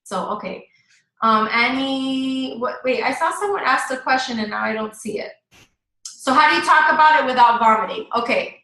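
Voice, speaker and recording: A woman talks her team through a casual live-stream coaching session, chatty and enthusiastic. Her voice sits high and sounds bright and sharp. The room around her is echoey. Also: normal speed. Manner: chatty, enthusiastic, talks straight to viewers as "guys".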